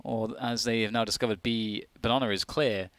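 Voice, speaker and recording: A man's voice: on the low side, fairly even intonation, a little fast, a bit bright, clear, resonant tone, no room sound. A man giving chatty color commentary on an esports match, thinking aloud as he analyses the play.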